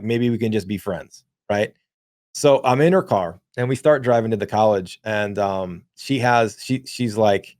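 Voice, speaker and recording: A man's voice: lowish voice, a little mellow, dry recording, clean studio sound. A man in his thirties co-hosting a podcast, telling a long story casually with lots of swearing and filler words. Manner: rambling, profane, many fillers. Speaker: podcast co-host.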